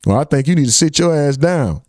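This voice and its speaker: A man's voice: a little high, expressive, a little fast, darkish tone, dry recording, clean studio sound, faint music behind. A man hosting a live stream, casually reading out chat comments and joking with viewers. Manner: loose, joking, reads chat names aloud.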